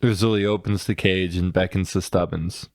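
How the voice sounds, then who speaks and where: A man's voice: sits low, fairly even intonation, moderate pace, a little mellow, no echo, clean studio sound. A man co-hosting a podcast, playfully retelling a film from memory and chiming in on his partner's lines. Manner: playful, laughing, finishes the other's lines. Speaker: podcast co-host.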